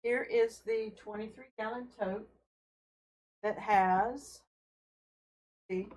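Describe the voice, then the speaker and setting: A woman hosting a casual fish-keeping live stream from her home fish room, talking in an unhurried, friendly way with fillers as she carries her camera from tank to tank. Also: fairly high pitch, fairly even intonation, darkish tone, low-quality recording. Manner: unhurried, friendly, talks while showing tanks, with fillers. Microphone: handheld camera she carries around.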